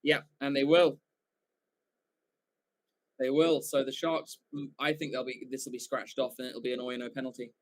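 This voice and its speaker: A man giving live fan commentary for a watchalong stream, excitable, swearing casually and often correcting himself mid-call. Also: medium pitch, moderate pace, pauses often.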